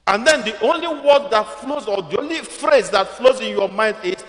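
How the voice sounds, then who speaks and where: High-voiced preaching priest in a reverberant church. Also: male voice, expressive, moderate pace, few pauses, a bit bright. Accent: Nigerian. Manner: call-and-response preaching, rising emphatic repetition. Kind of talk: sermon mixing Igbo and English.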